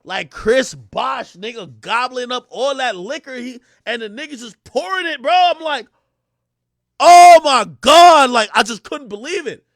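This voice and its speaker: Loud, animated male streamer. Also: very high-pitched, moderate pace, creaky, hardly any pauses, no room sound, clean studio sound. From Jamaica. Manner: loud, excitable, acts out quoted voices with big swings. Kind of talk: animated storytelling on a livestream.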